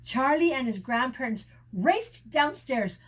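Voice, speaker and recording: An animated woman teacher reads a picture book aloud to children and stops to explain words along the way. Her high voice swings widely, and she takes an unhurried pace with a soft, breathy grain. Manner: animated, sound effects and asides.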